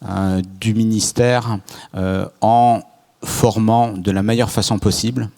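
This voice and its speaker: A man's voice: on the low side, steady tone, unhurried, gravelly, dark tone. A man from France giving a keynote at a conference, speaking hesitantly with many fillers and restarts. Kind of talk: conference talk. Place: conference hall stage.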